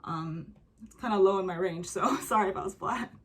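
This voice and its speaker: Speaking quickly in a mid-range voice, a young adult woman comments on a song in a chatty way. She uses many fillers and breaks into humming or singing short examples.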